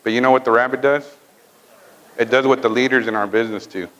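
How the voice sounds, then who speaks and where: A man giving a motivational talk at a sales training event, telling a fable in a lively way and often checking in with the audience. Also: mid-range voice, quick pace, lo-fi sound. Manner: lively storytelling, checks in with "right?" and "okay?".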